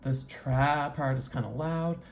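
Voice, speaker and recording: A woman with a North American accent, teaching as a speech coach with patient explanations and drawn-out sound demonstrations. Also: rumbling low, a little mellow, slight background noise. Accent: North American English. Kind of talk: teaching with a whiteboard demo.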